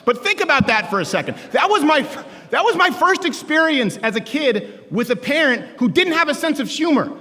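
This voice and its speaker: A man from Canada delivers a comedic political talk to students. His voice sits high and bright for a man, and he is animated and joking, breaking into shouts. Long hall reverb follows every line. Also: a little fast, few pauses. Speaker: speaker addressing college students.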